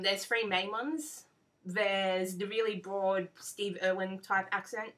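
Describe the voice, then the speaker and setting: Slow, halting Australian woman in her twenties. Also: medium pitch, fairly bright tone, far from the mic. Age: 20s. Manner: slow and halting, with frequent ums. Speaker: vlogger. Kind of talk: casual monologue reading a word list. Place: home room, recorded on a computer webcam. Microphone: built-in computer mic.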